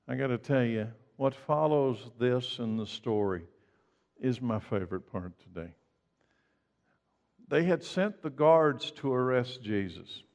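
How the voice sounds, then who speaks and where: A man preaches a sermon in a church sanctuary. He sounds emphatic, rising to loud declarations and dropping to hushed lines. His voice sits at a middling pitch and trails off in a long hall reverb. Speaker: pastor.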